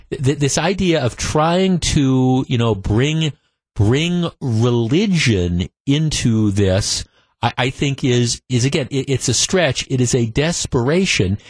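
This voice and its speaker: A man hosting a political talk radio show, speaking with many halting restarts into a studio microphone. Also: medium pitch, dry recording.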